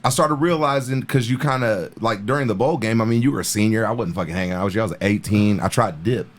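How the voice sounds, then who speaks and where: A man's voice: on the low side, fast. A man in his thirties hosting a podcast, telling stories in a rambling, profanity-laced casual chat. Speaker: podcast host.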